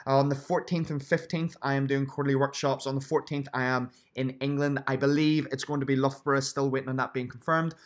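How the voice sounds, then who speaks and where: A man's voice: mid-range voice, level tone, fast talker, few pauses. A man hosting a solo podcast, running through upcoming events in a chatty, promotional way and stressing dates and places. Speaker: podcast host and fitness instructor.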